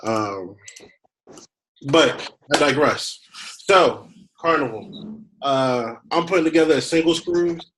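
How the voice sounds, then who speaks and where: A travel agent runs an informal screen-share training, slowly clicking through pages and pausing often as he thinks aloud. His voice is fairly high and a bit bright, and the poor recording carries a faint hiss or hum.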